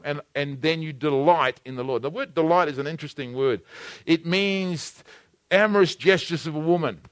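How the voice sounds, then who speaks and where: A man preaching a sermon, swinging between loud exhortation and hushed, intimate asides. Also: a little high, normal speed, dry recording.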